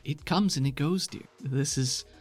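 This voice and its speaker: A man voicing a gentle, soft-spoken middle-aged mother who talks quietly and soothingly. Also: on the high side, moderate pace, faint music behind, natural voice.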